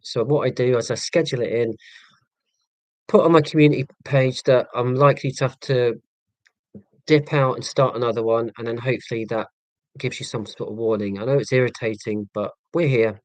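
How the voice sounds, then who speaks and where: A man in his forties, from northeast Scotland, hosts a casual live stream and chats through viewer comments. He rambles with frequent ums and restarts, pokes fun at himself, and speaks at a middle pitch. The recording is dry and close, with almost no room sound. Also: no room sound. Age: 40s. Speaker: livestream host.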